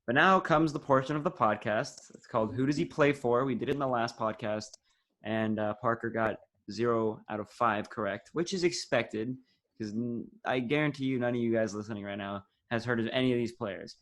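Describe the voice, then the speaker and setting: A man's voice: medium pitch, brisk, a bit bright. A teenage young man co-hosting a casual sports podcast over a video call, running a quiz and teasing his friends. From United States. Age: teens. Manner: teasing, upbeat, runs the quiz. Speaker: podcast co-host and quizmaster.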